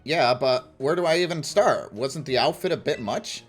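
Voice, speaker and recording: A man's voice: medium pitch, lively intonation, normal speed, faint music behind, natural voice. A man voicing a shy, guarded teenage girl while reading game dialogue aloud. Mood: wary.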